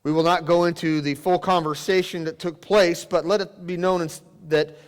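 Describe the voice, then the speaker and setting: Male pastor, dramatic sermon delivery, loud cries dropping to hushes, slightly high voice. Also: fairly even intonation, normal speed, smooth. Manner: dramatic swings from loud exclamations to hushed near-whispers. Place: church sanctuary. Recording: long church hall reverb.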